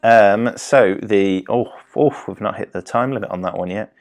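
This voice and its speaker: Man, 30s, quiz host; low voice, rambling, self-interrupting, jokey, faint music under. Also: normal speed, darkish tone. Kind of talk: live-streamed quiz, casual chat.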